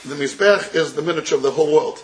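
A man's voice: on the high side, fast, rough recording. Chuckling man teaching Talmud. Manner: chuckles through his points, drawing out quoted phrases. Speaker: Torah teacher. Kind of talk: Talmudic lecture to a live audience. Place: room with listeners.

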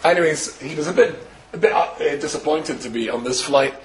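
An older man from Scotland in his sixties, a rabbi telling a personal story with wry humor, dropping to a hush and then rising to exclaim. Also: on the high side, fairly quick, crowd noise, poor audio. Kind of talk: personal story told to a host.

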